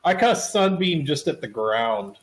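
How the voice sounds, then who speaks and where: A man's voice: fairly high pitch, very animated, a little slow, poor audio. A man playing a tabletop game, explaining his character's moves in a rambling, laughing way. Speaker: player. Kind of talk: casual tabletop play.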